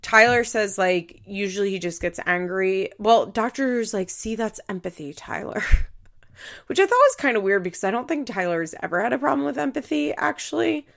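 A young woman hosts a podcast, casually chatting through a recap with lots of "like" and acted-out quotes. Her mid-range voice is expressive, gravelly and a bit bright, at a moderate pace.

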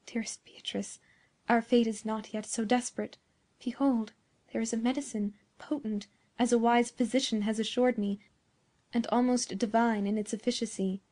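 A woman voicing an earnest young male lover in a storybook reading, speaking in a hushed, half-whispered way. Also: fairly high pitch, fairly even intonation, moderate pace, lightly acted. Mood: tender.

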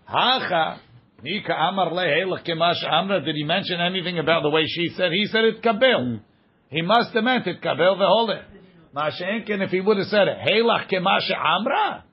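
Husky man teaching a Talmud page. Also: high voice, moderate pace, lo-fi sound. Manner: reads the passage aloud and explains it line by line. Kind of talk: daily page Talmud lesson.

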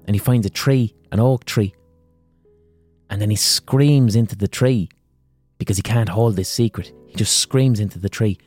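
An Irish man retelling fables and old myths in a loose, chatty monologue, cursing freely and filling his talk with "like". His voice sits fairly low with a dark, mellow tone. The sound is close and dry. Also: no echo. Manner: chatty, profane, frequent "like". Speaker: podcast host. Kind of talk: casual storytelling monologue.

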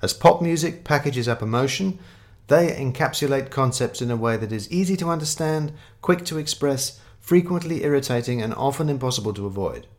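A man's voice: mid-range voice, expressive, fairly quick. Guy narrating an audiobook, dry and wry, voice moves around a lot.

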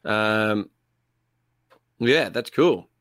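A man's voice: fairly low pitch, expressive, extremely slow, a bit bright, no echo. Rambling guy, dry mic. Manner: rambling, filler-heavy, laid-back. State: eating while talking. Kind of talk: casual gaming chat.

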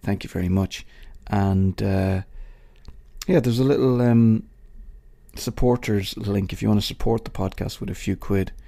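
A man's voice: fairly low pitch, steady tone, measured pace, creaky, mellow. A middle-aged Irish man hosting his own podcast, rambling and swearing through a jokey sign-off with asides to an imagined colleague. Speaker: podcast host. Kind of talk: casual solo podcast outro.

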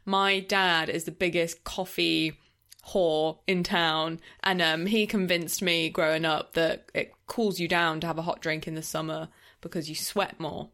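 On this film podcast, the female co-host speaks a little slowly in a low, fairly bright voice with fairly even intonation. The chat is casual and loose, full of "like," with frequent laughter and sentences that trail off on "like."

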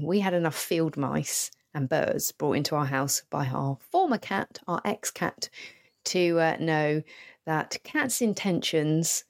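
A woman's voice: low-pitched, expressive, slow pace. A woman hosting a casual solo podcast, telling wry, sweary anecdotes and acting out the quotes. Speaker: podcast host.

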